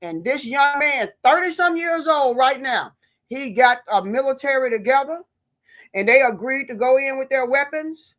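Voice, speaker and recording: A woman's voice: high-pitched, dull audio. A woman from the United States, a vlogger delivering an impassioned political rant in a fiery, preachy, emphatic way.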